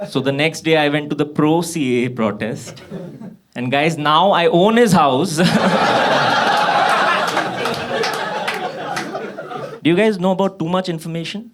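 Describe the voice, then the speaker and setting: Exasperated stand-up comedian, lively pitch. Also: male voice. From Kashmir. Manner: profane, exasperated punchlines, voice jumps up when riled. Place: comedy club stage. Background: audience laughter.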